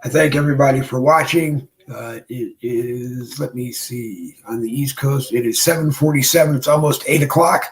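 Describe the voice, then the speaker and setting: A man hosting his own livestream show, talking casually and rambling with many pauses from his home studio desk. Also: mid-range voice, low-quality recording. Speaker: show host.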